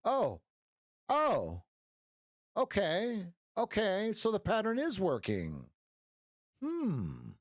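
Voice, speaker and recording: A middle-aged man coaching traders on a live stream, his voice sitting a little higher than most men's. He rambles and jokes, restarting sentences and tossing in "right?" as he goes. The sound is close and dry. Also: wildly swooping pitch, extremely slow, pauses often, dry recording. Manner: rambling and joking, with frequent restarts and "right?" tags. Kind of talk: casual live-stream trading commentary.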